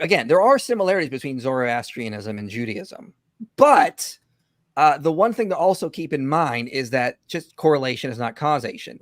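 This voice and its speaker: A man hosting an apologetics livestream, talking in animated bursts with fillers as he comments on a video. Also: mid-range voice, no room sound, studio quality. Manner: animated, rushes ahead in bursts, many fillers.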